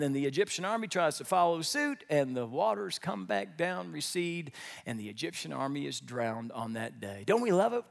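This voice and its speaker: A male preacher delivers a sermon as an animated storyteller. His voice sits high and leaps around in pitch, jumping from loud exclamations to hushed asides. A long reverb trails each phrase, as in a large hall. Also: creaky. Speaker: pastor.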